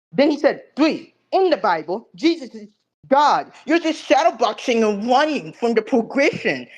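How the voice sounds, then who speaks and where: Cocky, profane man lecturing on logic. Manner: swings between loud bursts and low mutters. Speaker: online debater. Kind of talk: heated debate recap.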